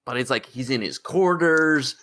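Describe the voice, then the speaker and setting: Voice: medium pitch, moderate pace, a bit bright, no room sound, studio quality. A podcast co-host chatting casually and tossing in joking riffs. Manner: joking, bursts into silly riffs. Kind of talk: casual chat.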